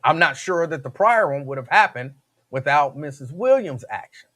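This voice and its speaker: A man hosting a talk radio show, telling stories in an animated, slangy way. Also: fairly high pitch, normal speed.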